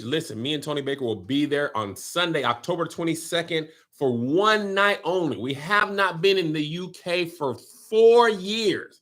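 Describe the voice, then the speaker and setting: A man's voice: a little high, a bit bright. A man putting on a hammy mock British accent. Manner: playful, teasing, exaggerated. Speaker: comedian promoting a show. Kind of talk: recorded promo.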